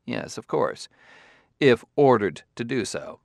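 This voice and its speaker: A man's voice: medium pitch, expressive, moderate pace, a bit bright, dry recording, studio quality. A man voicing an insistent adult male detective who presses his questions methodically, read as an audiobook character.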